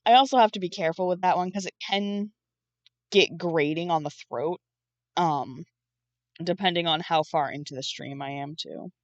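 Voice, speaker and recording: A woman's voice: on the low side, normal speed, dry recording, lo-fi sound. A young woman streamer chatting casually while she draws, groggy from just waking up, rambling and swearing now and then. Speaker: streamer and artist. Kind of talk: casual live-stream chat.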